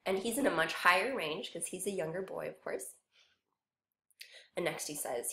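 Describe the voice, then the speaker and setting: A woman with a fairly low voice gives a music lesson, explaining each point patiently and step by step. Her voice carries a roomy echo. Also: moderate pace, pauses often, a bit bright. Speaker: music teacher.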